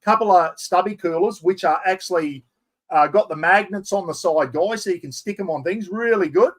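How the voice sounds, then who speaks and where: A man in his fifties with an Australian accent, excitedly hosting a chatty live stream giveaway and poking fun at himself. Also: high-pitched, normal speed. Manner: excitable, chatty, self-mocking.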